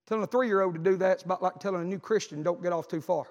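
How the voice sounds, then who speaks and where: A middle-aged man, preaching a sermon as a pastor, telling folksy stories with animated emphasis. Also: sits high, quick pace. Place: church sanctuary. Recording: long church reverb.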